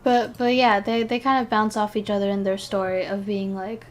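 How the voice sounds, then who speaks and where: A young woman streaming, chatting casually in an excitable, rambling way, sleepy and yawning between thoughts. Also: mid-range voice, normal speed, slight background noise. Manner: excitable, rambling, giggly, with restarts. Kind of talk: casual chat while ranking game characters.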